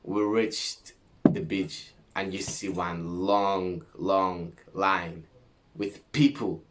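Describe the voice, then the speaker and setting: Young man from Greece, casual vlog storyteller, slow delivery, profane and slangy. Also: low-pitched, slight background noise. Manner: animated, swears a lot, slangy. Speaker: vlogger.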